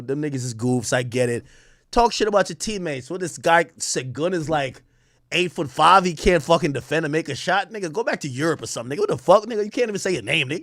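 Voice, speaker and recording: A man streaming a casual reaction, excitable and profane, full of slang. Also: on the high side, no echo, studio quality.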